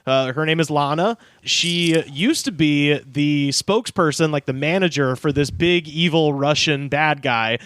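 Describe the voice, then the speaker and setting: A man co-hosting a comedy podcast, talking in a loose, profane, casual way and laughing often. His voice sits a bit high for a man. The sound is close and dry, with no room around it. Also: a little slow, hardly any pauses, fairly bright tone, clean tone, no echo. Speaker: podcast co-host.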